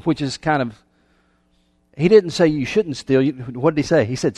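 A man's voice: fairly high pitch, sing-song, moderate pace, husky, no room sound, studio quality. A man preaching a sermon in a conversational way, asking his listeners questions and often repeating words as he goes. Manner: conversational, asks the audience questions. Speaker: pastor.

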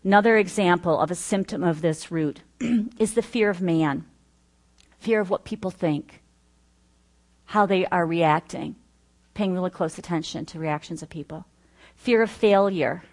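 Middle-aged female teacher, low-ish voice, earnest and conversational, works through a list. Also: unhurried, pauses often. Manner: earnest, listing points with personal asides. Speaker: Bible study teacher. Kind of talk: teaching talk.

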